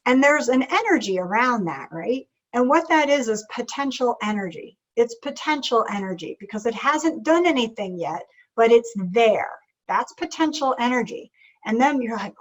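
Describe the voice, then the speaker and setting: Woman coach running a workshop, kinda high voice, acts out little inner voices, dull lo-fi audio. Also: animated, moderate pace. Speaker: leadership coach. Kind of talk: live group workshop talk.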